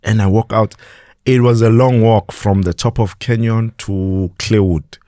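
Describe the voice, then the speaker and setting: South African male guest, very low dark voice, animated storyteller, dry close sound. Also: measured pace, no room sound. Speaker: podcast guest. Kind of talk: storytelling in an interview.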